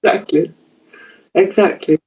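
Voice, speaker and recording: A woman's voice: a little slow, warm tone, rough recording. An older woman from Yorkshire with a received pronunciation accent, a broadcaster chatting as an interview guest about her childhood, self-deprecating and full of fillers. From Yorkshire, England. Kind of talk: reminiscing interview talk.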